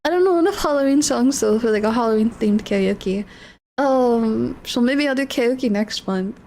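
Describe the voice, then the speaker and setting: High-voiced woman chatting on stream. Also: moderate pace, mellow, a little hiss or hum. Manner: rambling, apologetic, emotional, many restarts. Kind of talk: casual livestream chat.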